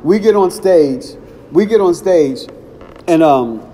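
A middle-aged man from Ohio telling casual stories as a podcast host, animated and acting out quotes. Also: a little high, slow pace. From Cincinnati, Ohio. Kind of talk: casual storytelling. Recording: long reverb, faint background noise.

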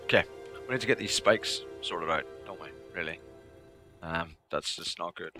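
A man's voice: low-pitched, moderate pace, music in the background. A man streaming a game live, chatting casually with his viewers in a rambling way that repeats itself.

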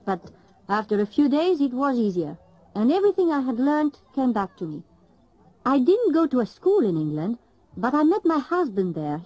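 A woman speaks in a clear, measured way. Her pitch is fairly high, and her intonation is lively. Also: low-quality recording. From Italy. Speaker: language learner. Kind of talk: scripted monologue.

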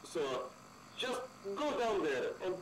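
A man voicing a curt male science-facility supervisor who briskly gives orders and calls the player comrade. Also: high-pitched, very animated, roomy sound, noisy background, exaggerated voice. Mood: dismissive. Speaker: supervisor in a horror game.

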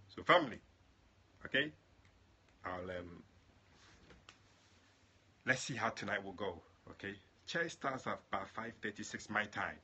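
A male prophet and pastor praying and then chatting affectionately with his online viewers, greeting them by name and jumping into high exclamations. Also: lively intonation, measured pace, long pauses, bright, forceful tone, lo-fi sound, a little hiss or hum. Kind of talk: livestream prayer and chat with viewers.

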